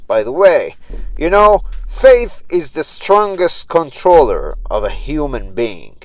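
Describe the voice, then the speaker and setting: A man's voice: sing-song, slow pace, no room sound, low-quality recording. Man putting on a cruel old woman cult leader. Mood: mocking. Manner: angry, mocking, raised and higher than his own voice.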